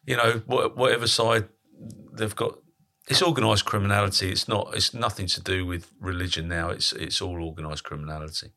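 Deep, bright-toned man hosting a chat. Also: fairly even intonation, fairly quick. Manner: chatty, with frequent restarts. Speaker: podcast host. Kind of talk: casual interview chat.

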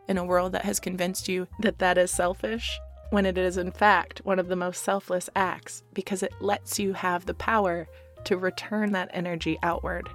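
Young woman, solo podcast host, lower register, heartfelt and casual, faint music underneath. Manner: warm, earnest and affectionate, with casual swearing.

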